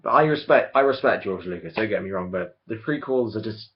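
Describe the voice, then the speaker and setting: A man's voice: on the low side, lively intonation, fairly quick, slight background noise. A young man ranting casually to camera about a film franchise, rambling and stopping to restart his sentences. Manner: rambling, self-interrupting, opinionated. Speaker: video blogger. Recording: dull lo-fi recording.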